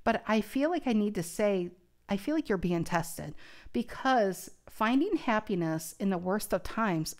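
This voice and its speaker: A woman's voice: medium pitch, lively intonation, a little slow, a little mellow. A woman giving a casual tarot reading to camera, speaking earnestly and thinking aloud with frequent restarts. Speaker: tarot card reader.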